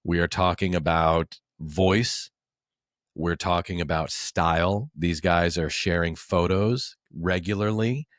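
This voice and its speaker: Deep-voiced coaching man in his forties. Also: steady tone, takes it slowly, dry recording, studio quality. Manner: emphatic, coaching delivery. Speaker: men's coach. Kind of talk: podcast conversation.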